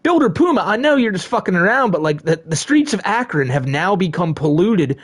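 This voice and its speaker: A man's voice: high voice, big pitch swings, fairly quick, no room sound, studio quality. A man hosting a live stream, chatting casually and answering chat, profane and rambling, laughing often.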